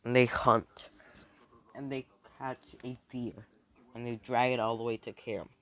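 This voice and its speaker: A man's voice: medium pitch, flat delivery, a little slow, a bit bright. A man improvising a fan story aloud, rambling, with frequent restarts and self-corrections.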